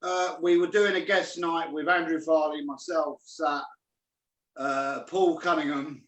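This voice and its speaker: A man's voice: a little high, steady tone, a little slow, fairly bright tone. A man, a chef, telling kitchen stories on a video call, swearing freely and laughing as he talks. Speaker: guest chef. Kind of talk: casual storytelling on a video call. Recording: echoey room, far from the mic.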